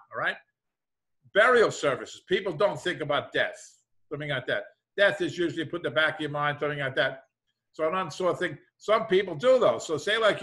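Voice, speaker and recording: Middle-aged male business professor on a video call; bright, slightly high voice, loose conversational lecture style. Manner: conversational, repeats "thing like that", worked examples.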